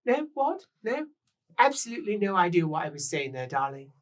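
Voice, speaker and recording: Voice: medium pitch, big pitch swings, a little fast, voice pushed up, close to an everyday voice. The game master voicing a scatterbrained, theatrical noblewoman who exclaims and repeats herself. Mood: indignant. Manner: sing-song, exclamatory, repeating words.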